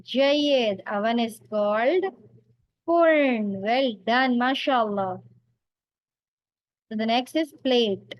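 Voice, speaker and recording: A woman teacher quizzes beginners on vocabulary at a very slow, drawn-out pace, her voice sitting a little high. The sound is close and dry, with a dull, slightly lo-fi tone. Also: dry recording. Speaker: language teacher. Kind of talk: vocabulary quiz lesson.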